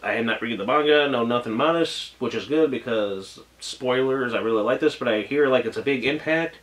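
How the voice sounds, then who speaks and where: A man with a mid-range, slightly bright voice talks a little fast while casually reviewing an anime episode. He gushes emotionally, rambling with many restarts and thoughts that trail off.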